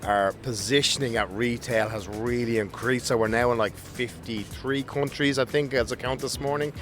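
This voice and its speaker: A man's voice: medium pitch, steady tone, normal speed. A man with an Irish accent, enthusiastically talking up his toy company in a casual interview at a trade show. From Ireland. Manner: enthusiastic, upbeat sales talk. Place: busy trade show floor.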